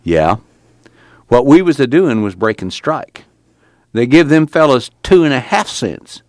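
A man's voice: medium pitch, sing-song, a little slow, darkish tone, dry recording, studio quality, pitched above the performer's own voice. A man voicing a battered, weary young farmhand in hiding, with a drawl and a tense, urgent delivery. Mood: grieving, bitter.

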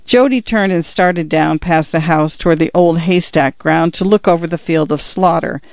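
A man narrating an audiobook in a measured, even manner. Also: fairly high pitch, vocal fry, no room sound. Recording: dull lo-fi dry recording.

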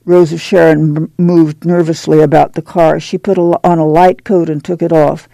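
A man narrating an audiobook in a measured, even storytelling manner. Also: fairly high pitch, gravelly, dry recording.

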